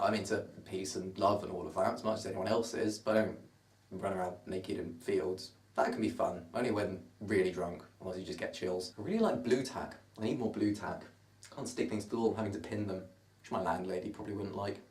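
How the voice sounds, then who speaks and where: Fast-talking young southern English man. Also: on the low side, darkish tone. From Surrey, south of England. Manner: chatty, self-mocking, wanders off topic. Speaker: vlogger. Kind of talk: casual rambling monologue to camera. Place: his bedroom. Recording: roomy bedroom, camera at a distance.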